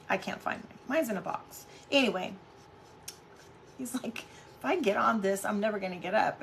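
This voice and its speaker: A woman's voice: mid-range voice, creaky, bright, forceful tone, slight background noise. A middle-aged woman hosting a casual live craft stream at home, chatting with viewers and greeting them by name.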